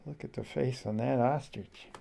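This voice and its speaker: A man slowly flipping through a tarot deck, musing aloud to himself in a casual, rambling way. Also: medium pitch, gravelly, warm tone. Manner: slow, musing, talks to himself. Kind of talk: casual flip-through commentary.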